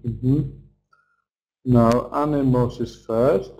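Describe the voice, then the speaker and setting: A middle-aged man teaches English pronunciation, modelling each word slowly and clearly so learners can repeat it. His voice is mellow and relaxed, and he takes his time over every syllable. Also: mid-range voice, poor audio. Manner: slow, deliberate, modelling words for repetition. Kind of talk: pronunciation lesson, slow drills.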